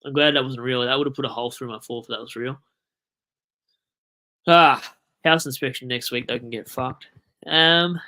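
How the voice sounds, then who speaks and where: Young australian man, livestream chat, bright tone, stuffy nose, swears a lot. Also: mid-range voice, moderate pace, long pauses. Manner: swearing, rambling, animated outbursts. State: blocked nose. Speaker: livestream host.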